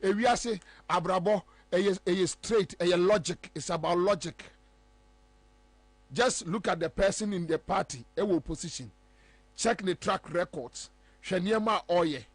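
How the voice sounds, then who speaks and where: A Ghanaian man hosting a political talk show, animated and emphatic, switching between English and Twi. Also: high voice, normal speed, dry recording. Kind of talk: political commentary.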